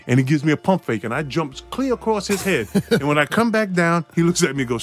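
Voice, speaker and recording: A man's voice: medium pitch, fairly quick, few pauses, soft background music. A man, a former basketball player, telling an anecdote in an interview, acting out quoted lines and laughing often. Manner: lively storyteller who acts out quotes and laughs often.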